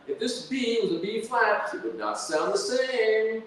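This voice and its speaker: A man's voice: sits high, lively intonation, measured pace, hardly any pauses, a little hiss or hum. A man giving an academic lecture on music, breaking into sung da-da melodies to demonstrate his points. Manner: hums and sings melodies with da-da syllables. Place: lecture hall. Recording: echoey hall from far off.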